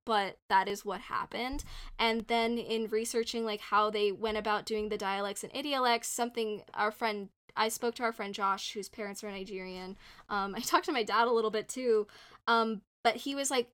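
A woman's voice: a little high, fairly bright tone, clean tone. A young woman co-hosting a podcast, talking in a rambling, casual way, full of "like" and restarts. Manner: rambling, heavy use of "like", frequent restarts. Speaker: podcast co-host. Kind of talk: casual discussion.

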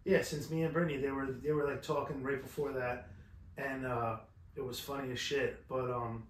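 A man's voice: mid-range voice, normal speed, slight background noise. A man from New York, co-hosting a podcast, telling stories in a rambling, profane, casual way. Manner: rambling, profane, animated storytelling. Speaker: podcast co-host. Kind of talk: casual chat. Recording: roomy echo.

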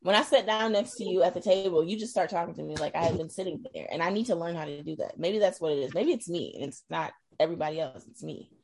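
A woman's voice: on the low side, fast talker, gravelly, few pauses, a little mellow, a little hiss or hum. A middle-aged woman from Iowa talking casually about her life, chatty and given to laughing, sometimes trailing off into doubt. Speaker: guest sharing her experience. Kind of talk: casual conversation.

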